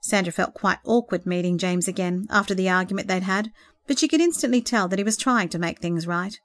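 Woman gently reading a story aloud. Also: mid-range voice, a little fast, no echo. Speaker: narrator. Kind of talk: storybook narration.

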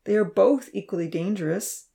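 A woman voicing a grieving old male professor who speaks softly and sorrowfully. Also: medium pitch, normal speed, vocal fry, close to an everyday voice. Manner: sorrowful, soft and hushed.

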